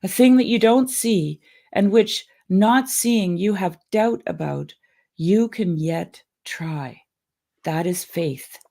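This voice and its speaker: A woman's voice: medium pitch, slow, vocal fry, warm tone. A woman reading an old sermon aloud in an earnest, emotional way, then chatting casually.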